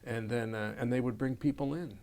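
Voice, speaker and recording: A jazz saxophonist and educator tells stories in an oral history interview, speaking fairly quickly with a medium pitch and vocal fry. He's an animated storyteller who acts out scenes and scats melodies.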